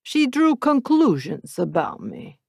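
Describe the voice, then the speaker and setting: A woman voicing a calm, dangerous man with an Italian accent, in a storybook reading. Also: a little high, slow pace, gravelly, husky, dry recording, clean studio sound, voice pushed up, exaggerated voice.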